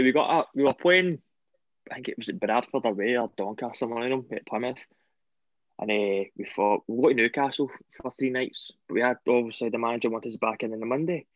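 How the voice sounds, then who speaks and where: A man who is a former footballer talking in a relaxed, hesitant way in a casual interview. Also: medium pitch, no echo. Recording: dry, dull lo-fi sound.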